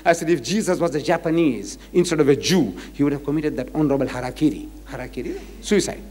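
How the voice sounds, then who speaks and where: A man giving a lively religious lecture, emphatic and repetitive as he cites scripture. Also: on the high side, fairly quick. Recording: echoey lecture hall.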